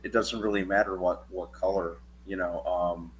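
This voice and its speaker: A man's voice: deep voice, steady tone, moderate pace, poor audio. A man co-hosting a movie review show, giving earnest opinions with stammering restarts. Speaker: podcast co-host. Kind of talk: casual movie review chat.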